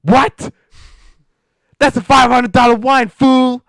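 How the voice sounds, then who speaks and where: British man putting on a stingy boss, shrill, yelling, outraged. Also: steady tone, slow, gravelly, no echo, studio quality, full character voice. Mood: furious. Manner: shouting, high-pitched outrage.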